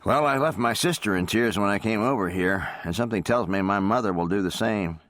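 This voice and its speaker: Man as a deep-voiced earnest young sheriff, soft and halting, dry close sound, audiobook. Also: dry recording, lightly acted. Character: shy, earnest young male sheriff in love.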